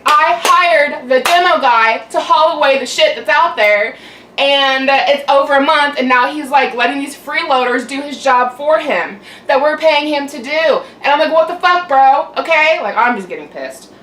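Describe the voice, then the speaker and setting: A fairly high-pitched young woman talks in a loose, rambling vent, full of "like" and the odd curse word. Her voice carries a roomy echo, as if the mic sits a little way off in a room at home. A faint steady hum runs underneath. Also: normal speed, recorded from a distance. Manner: chatty, aggravated, swears, lots of "like". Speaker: mukbang vlogger. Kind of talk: casual venting chat.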